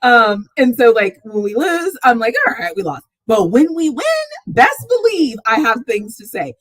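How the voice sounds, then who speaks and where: A woman with a fairly high voice speaks at a measured pace on a dry, poor-quality recording. She hosts a casual sports talk livestream, telling a story animatedly, laughing often and exclaiming in rising squeals. She's a Texas fan, though not from Texas.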